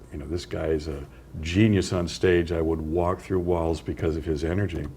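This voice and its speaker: An older man, an author and interview guest, telling unhurried anecdotes with dry chuckles in a community TV studio. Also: deep voice, darkish tone, slight background noise. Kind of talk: storytelling interview.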